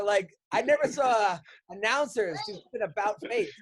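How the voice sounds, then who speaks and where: A man's voice: sits high, lively intonation, normal speed. A man hosting a podcast, chatting casually and enthusiastically. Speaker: podcast host. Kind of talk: casual chat.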